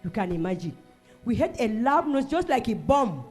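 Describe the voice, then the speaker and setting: High-voiced woman testifying. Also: moderate pace, slightly rough, soft background music. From Cameroon. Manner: animated, bursts into loud shouted praise. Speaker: church member giving a testimony. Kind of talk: emotional church testimony. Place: church service.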